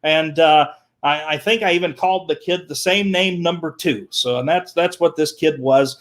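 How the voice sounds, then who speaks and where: A man telling animated stories as a guest on a talk show, repeating words and acting out the people he quotes. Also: a little high, normal speed. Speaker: guest, children's entertainer. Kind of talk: animated storytelling.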